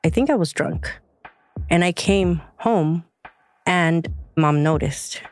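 A woman, a guest who is a younger sister, tells an emotional personal story reflecting on her past and is sometimes near tears. Her lowish voice is slow, and the recording carries a little hiss or hum.

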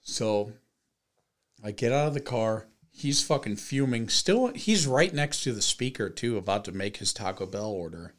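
A young man hosting a podcast, telling a story in casual chat with lots of swearing and loud acted-out quotes. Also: fairly low pitch, measured pace. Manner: animated, profane storytelling with shouted quoted voices. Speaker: podcast host.

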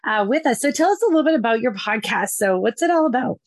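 A woman's voice: fairly high pitch, lively intonation, fast talker, no echo, studio quality. A woman hosting a podcast interview, upbeat and bubbly as she asks questions. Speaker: podcast host. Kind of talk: casual interview chat.

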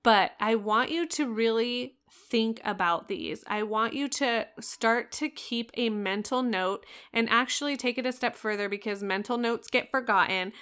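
A woman's voice: fairly high pitch, measured pace, hardly any pauses, fairly bright tone, clear, resonant tone. A woman in her thirties hosting a parenting podcast, talking straight to listeners in an earnest, coaching way. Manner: earnest, coaching, direct address. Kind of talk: solo podcast advice talk.

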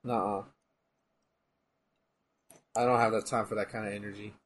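A man in casual chat, jokey and animated, laughing often between lines. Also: on the low side, moderate pace, husky.

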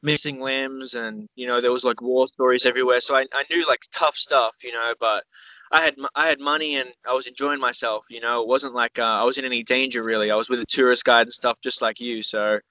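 A young Australian man telling a long story as a podcast guest, rambling and animated, full of fillers and the odd swear word. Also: medium pitch, brisk, dry recording, dull audio. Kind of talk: casual storytelling interview.

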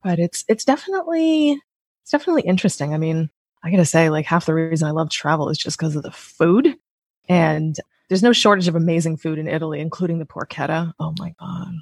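A woman in her thirties, a podcast guest, talking in a chatty, animated way with lots of "like.". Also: deep voice, fast talker, gravelly, dry recording. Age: 30s. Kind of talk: casual interview chat. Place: Maui, Hawaii.

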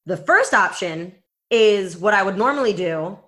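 A woman podcast co-host telling a story in casual chat, animated and full of "like" fillers, acting out the voices she quotes. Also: medium pitch, unhurried.

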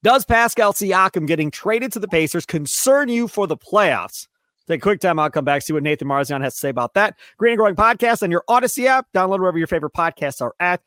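A man co-hosting a sports radio show, ranting excitedly and slipping into mock voices of players. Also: high-pitched, quick pace, dry recording, clean studio sound. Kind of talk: animated sports radio rant.

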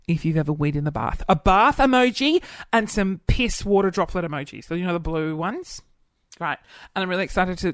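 A man's voice: high voice, no echo. Camp chatty young man, dry close mic. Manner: camp, chatty and flamboyant, quick asides. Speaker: podcast host. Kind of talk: casual solo podcast chat.

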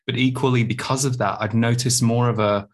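This podcast host, a man with a medium-pitched, steady voice, speaks fairly quickly on a spiritual show. His casual interview chat is thoughtful and reflective, though he restarts his sentences often.

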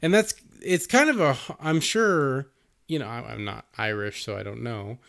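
A man's voice: mid-range voice, normal speed, vocal fry, fairly bright tone. A man co-hosting a podcast, reviewing a movie in casual chat, rambling with frequent laughs and swearing. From United States. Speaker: podcast co-host.

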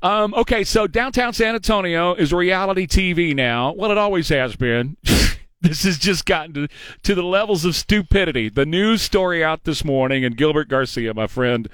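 A man's voice: a little high, lively intonation, moderate pace, a bit bright, clean tone, no echo, studio quality. A man hosting a talk radio show, blunt and mocking in his opinions. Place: radio studio. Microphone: studio microphone.

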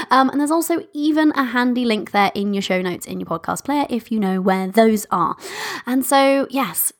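A woman hosting her own podcast, chatting casually and warmly to listeners, bubbly and laughing often. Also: a little high. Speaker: podcast host. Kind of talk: casual solo podcast chat.

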